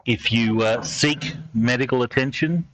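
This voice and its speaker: A man acting as game master over voice chat, pausing often with ums and uhs as he calls for rolls. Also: mid-range voice, a bit bright. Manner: halting, with many ums and uhs. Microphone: online call mic. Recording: dull lo-fi mic with faint noise.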